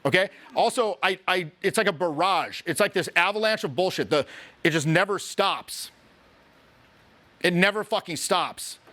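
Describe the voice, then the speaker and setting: Bright, high-voiced, swearing social coach. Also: male voice, moderate pace. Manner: profane, animated storytelling. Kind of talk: casual explaining to camera.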